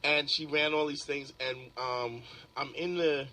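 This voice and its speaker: Bright, lively storytelling man. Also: fairly high pitch, measured pace, poor audio. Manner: animated storyteller, acts out quotes with laughter. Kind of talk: casual chat.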